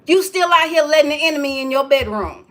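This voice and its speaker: A woman's voice: high voice, lively intonation, quick pace, a bit bright. A woman giving a preachy straight-talk monologue, lecturing listeners with emphatic repetition.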